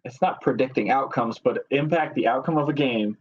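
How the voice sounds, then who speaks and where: A man's voice: medium pitch, fairly quick, lo-fi sound. A man co-hosting a podcast, giving blunt, opinionated takes in casual sports chat. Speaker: podcast co-host.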